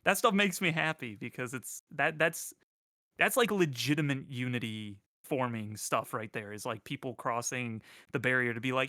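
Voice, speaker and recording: A man with a bright, forceful voice co-hosting a casual livestream, recorded dry and close. He rambles through a story with plenty of fillers and gets animated when he quotes people. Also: mid-range voice, normal speed, no echo. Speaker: co-host.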